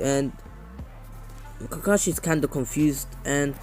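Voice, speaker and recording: A young man narrating a fan story off the cuff, halting and full of restarts. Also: mid-range voice, steady tone, dark tone, faint music behind. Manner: halting, many fillers and restarts.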